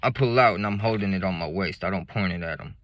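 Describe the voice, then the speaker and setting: A man's voice: low voice, fast, a bit bright. A man telling a story from his life in blunt, profane street slang. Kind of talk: casual spoken storytelling.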